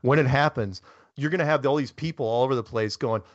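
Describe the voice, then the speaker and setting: A man in casual talk-show conversation, spinning long rambling stories and acting out the people in them. His voice sits at an ordinary middle pitch. The sound is dry and muffled, like a lo-fi online recording. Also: quick pace, no echo. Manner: rambling, animated anecdotes with acted-out quotes. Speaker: guest speaker. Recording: dull lo-fi audio.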